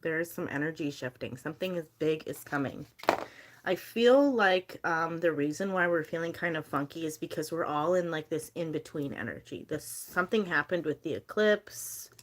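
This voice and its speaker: A young woman chatting casually on a live stream while she packs bracelet orders. She talks in a chatty, animated way and fills her stories with "like" and quoted dialogue. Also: sits low, moderate pace. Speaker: livestreamer selling handmade bracelets.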